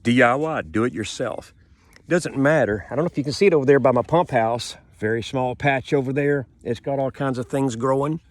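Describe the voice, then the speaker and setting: A man's voice: mid-range voice, fairly quick, no echo. A man with a stuffy, sniffling nose giving a rambling, folksy vlog outdoors in a sunny garden yard, filmed on a handheld phone. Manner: folksy, rambling, repeats himself. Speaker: homesteading vlogger.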